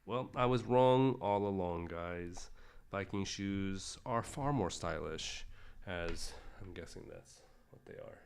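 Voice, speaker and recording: A man's voice: sits low, slow, few pauses, smooth. A man livestreaming while he sketches, rambling casually with lots of fillers and self-deprecating asides.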